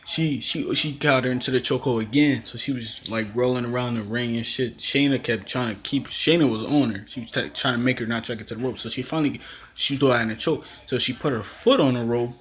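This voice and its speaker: A young man casually recapping a wrestling event, telling it in an animated way and acting out quotes. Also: mid-range voice, a little fast. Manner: animated storytelling with acted-out quotes and laughs. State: coughing, throat acting up. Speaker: wrestling reviewer.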